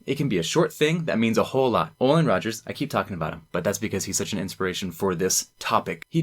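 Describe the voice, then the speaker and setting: A young man, a student presenter, talking casually and enthusiastically to camera, rambling and acting out quoted lines. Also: fairly low pitch. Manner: enthusiastic, rambling, quoting lines in acted voices.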